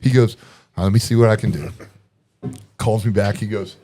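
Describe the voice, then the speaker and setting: A man's voice: on the low side, moderate pace, dark tone, a little hiss or hum. A man telling a long story as a podcast guest in casual chat, acting out quoted voices and laughing often.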